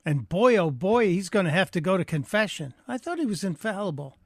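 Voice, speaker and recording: A man's voice: high-pitched, very animated, brisk, dry recording. A man filling in as a radio talk show host, telling joking anecdotes in a chatty monologue from a studio microphone.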